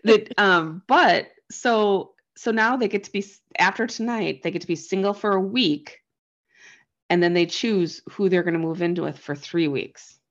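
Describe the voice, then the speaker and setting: A woman's voice: mid-range voice, normal speed, lo-fi sound. A woman co-hosting a podcast, reacting dramatically and joking while watching a reality show. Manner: lively, gasping, dramatic reactions. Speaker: podcast co-host. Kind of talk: casual chat over a TV show.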